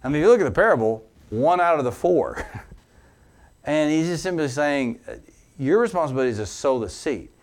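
A man preaching as a pastor. He tells an anecdote with animated energy, then turns low and earnest for the teaching. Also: a little fast. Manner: animated storyteller who laughs along with his own anecdote. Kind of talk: sermon storytelling.

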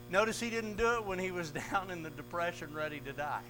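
A man preaching a sermon, swinging from loud, raised retellings of scripture to low, quiet asides, with an American accent. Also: animated, brisk, soft background music, rough recording. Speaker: pastor. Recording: mains hum behind the voice.

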